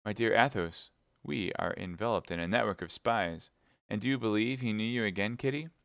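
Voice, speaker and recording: A gallant young swordsman, voiced by a male reader, earnest and reassuring. The sound is smooth and dry, close to the microphone. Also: fairly low pitch, fairly quick, a bit bright, no room sound. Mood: urgent.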